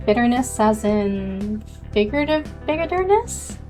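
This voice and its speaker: A woman's voice: on the high side, big pitch swings, measured pace, dark tone, faint music behind. A woman voicing a naive, curious young man who keeps asking questions. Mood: puzzled. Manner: puzzled questioning.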